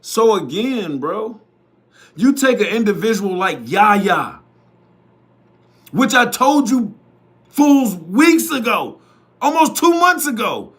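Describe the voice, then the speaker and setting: A man's voice: high voice, big pitch swings, slow, long pauses, a bit bright, breathy edge. A man who hosts youth football media, giving a blunt, profane, repetitive opinion monologue straight to his viewers.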